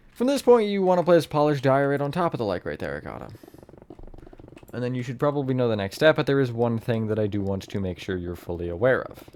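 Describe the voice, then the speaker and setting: A man's voice: lowish voice, darkish tone, a little hiss or hum. A young man narrating a casual building tutorial, rambling and hedging, often correcting himself. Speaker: Minecraft tutorial host.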